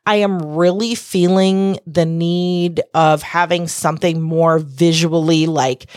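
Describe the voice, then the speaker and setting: A low-pitched woman delivers a casual solo podcast monologue as its host, frank and profane, full of rambling asides and acted-out quotes. The studio recording is clean, with no echo.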